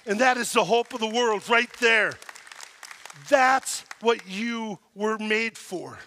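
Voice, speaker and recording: A man in his sixties preaching a sermon as pastor, telling stories in an animated way and shouting at the high points. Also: slow, a faint crowd, slight background noise. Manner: animated storytelling, shouting at peaks. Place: church sanctuary. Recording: long hall reverb.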